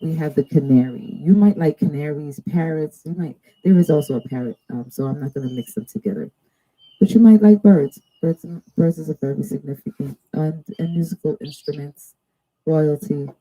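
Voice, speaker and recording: Woman tarot reader hosting a live stream, very dark mellow tone, slow drawn-out card messages with chatty asides. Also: low voice, slightly rough, rough recording. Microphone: two cameras.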